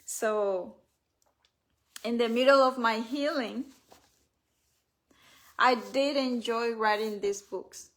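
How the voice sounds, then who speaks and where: A woman leading a live spiritual healing reflection, speaking gently, repeating affirmations and reading aloud from her own book. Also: a little high, slow, pauses often. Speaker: author and healing coach.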